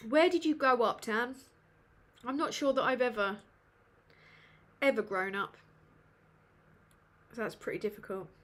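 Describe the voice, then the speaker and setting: Speaking a little slowly with long pauses, a northern English woman hosts a casual livestream Q&A in a fairly high, expressive and fairly bright voice. Her chat rambles, and she swears and mocks herself along the way.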